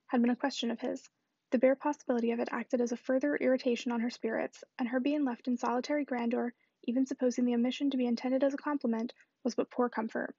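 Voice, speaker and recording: A woman narrating a classic novel aloud in a brisk, steady reading. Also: a little high, slightly rough, no echo, lo-fi sound. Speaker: audiobook reader.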